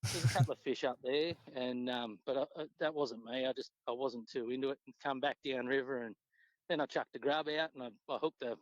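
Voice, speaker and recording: A man with an Australian accent, a podcast guest telling fishing stories in a relaxed, swearing, casual way. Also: a little fast, dry recording. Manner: laid-back, swears freely, acts out quotes with pitch jumps. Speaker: podcast guest, tournament angler. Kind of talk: casual storytelling chat. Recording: dull lo-fi dry sound.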